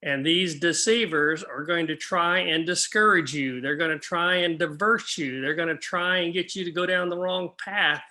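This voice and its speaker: Bright-voiced older man teaching Bible class. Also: on the high side, moderate pace, hardly any pauses. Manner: earnest, practical, asks the class questions.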